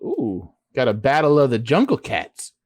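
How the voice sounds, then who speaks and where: A man's voice: medium pitch, wildly swooping pitch, moderate pace, darkish tone, no room sound, clean studio sound. Laid-back man running through game picks. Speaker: podcast host. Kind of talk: casual sports chat.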